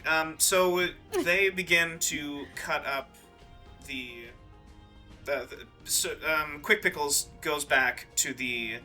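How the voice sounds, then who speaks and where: A man narrating as dungeon master in a tabletop game, relaxed and full of hesitant ums. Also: fairly high pitch.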